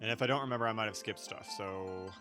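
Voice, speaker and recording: A man's voice: fairly low pitch, fast talker, music in the background. A man casually commenting on a game as he plays, rambling with fillers and frequent laughs. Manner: rambling and giggly, many fillers and asides. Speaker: gaming streamer. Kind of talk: casual let's-play commentary.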